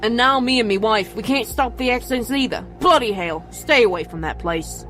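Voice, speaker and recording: A woman's voice: fairly high pitch, animated, normal speed, fairly bright tone, faint music behind, low-quality recording. A woman playing a crude, rowdy British husband who talks in coarse slang. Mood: grumbling.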